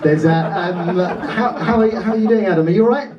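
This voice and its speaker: Onstage at a comedy club, a stand-up comedian from Dorset, England banters with the audience, cursing freely while the crowd laughs. He talks quickly in a high-sitting voice. He sounds far from the mic, and the audio is dull.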